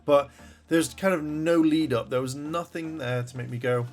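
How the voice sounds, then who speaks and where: A man's voice: on the high side, moderate pace, soft background music. A man casually reviewing a TV episode, rambling through the plot and swearing when he gets annoyed.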